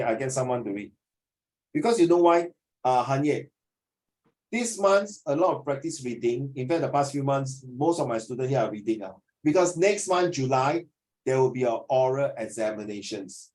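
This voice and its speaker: A man teaching a class in Singaporean English, animated and teasing, often repeating his words. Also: medium pitch.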